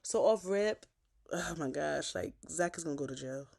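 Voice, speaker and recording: Woman recapping a TV episode, low-ish voice, chatty and profane. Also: moderate pace, gravelly. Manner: chatty, profane, lively retelling. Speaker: TV recap YouTuber.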